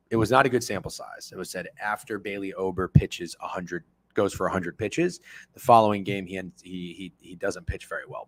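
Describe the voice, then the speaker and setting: A man in his thirties hosts a sports betting stream, reacting to his chat casually and excitably with plenty of profanity. His voice is low and there's no room sound.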